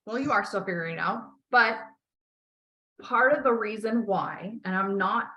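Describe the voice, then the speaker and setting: A woman's voice: mid-range voice, bright, forceful tone, low-quality recording. A woman coaching a client on a call, talking bluntly, swearing freely and encouraging her. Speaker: life coach.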